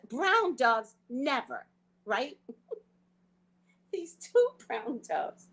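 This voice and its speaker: A woman hosts a casual spiritual talk. Her pitch swings widely as she tells stories unhurriedly. She laughs often and acts out her own thoughts. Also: rough recording. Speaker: psychic reader and show host.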